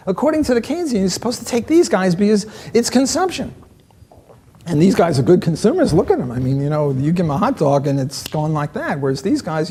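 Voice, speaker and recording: A man's voice: fairly high pitch, a little mellow. A man giving a conference lecture on economics to a live audience, sarcastic and jokey, with frequent "uh"s and restarts. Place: conference hall.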